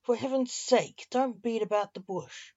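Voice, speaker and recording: A woman voicing a grumpy, grieving male hospital coroner who talks in gruff, snapping bursts, in a dull, dry, lo-fi recording. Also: sits high, slow, darkish tone, dry recording. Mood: irritable.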